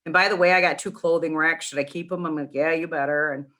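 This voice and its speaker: A middle-aged woman tells a long story in a casual interview, full of restarts and quoted back-and-forth. Her voice is bright and forward, set slightly low for a woman. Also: fast talker. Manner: chatty, animated storytelling with many restarts. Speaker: guest, nonprofit founder.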